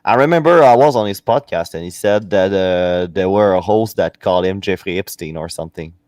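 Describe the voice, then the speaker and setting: A low-pitched man drops dry, teasing remarks in casual podcast chat. The recording is dry and close. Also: brisk, darkish tone, dry recording. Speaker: podcast co-host.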